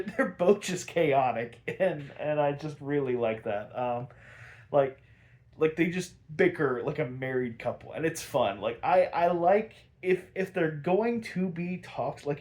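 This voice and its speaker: A man casually recapping a cartoon episode, rambling with lots of filler words and frequent laughs. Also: fairly high pitch. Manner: rambling, lots of likes and ums, laughs often.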